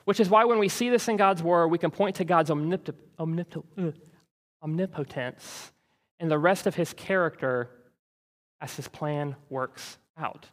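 A man preaching a sermon, teaching in an animated, conversational way and checking in with the listeners with frequent asides. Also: on the high side, normal speed, in a large hall. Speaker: pastor.

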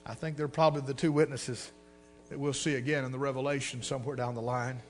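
A man preaching a sermon with fervor, his voice climbing into shouts. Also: mid-range voice, fairly even intonation, fast talker, faint music behind. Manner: fervent, rising to shouts.

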